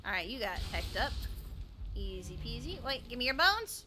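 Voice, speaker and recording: A woman's voice: sits high, big pitch swings, normal speed. A woman streaming a game, chatting casually, giggling and rambling, sometimes breaking into playful chants. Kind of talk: casual gameplay commentary.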